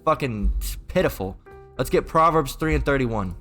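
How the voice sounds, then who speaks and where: A man's voice: mid-range voice, animated, normal speed, fairly bright tone, soft background music. A man preaching in a profane, rambling rant, mocking and crude, with many repeats and stumbling restarts.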